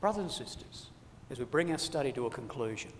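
A man preaching a sermon with passion, his delivery sweeping from loud appeals to hushed, quiet lines. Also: mid-range voice, lively intonation, fast talker, slight background noise. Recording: long hall reverb.

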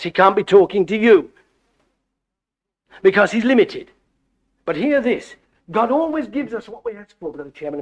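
A middle-aged man preaching a sermon, animated and full of stammered restarts. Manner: animated, wide swings in pitch and loudness, frequent stammered restarts. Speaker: visiting preacher.

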